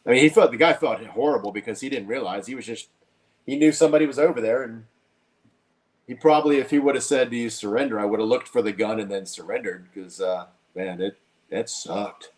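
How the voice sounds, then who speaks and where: A man's voice: mid-range voice, brisk, a little mellow. A man hosting a podcast, telling a long story in casual chat with many restarts.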